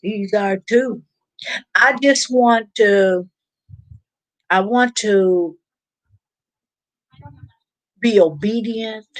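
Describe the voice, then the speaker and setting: A woman's voice: on the high side, no echo. A woman hosting a casual live stream, chatting informally and reading out viewer comments. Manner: chatty, informal, preachy about faith.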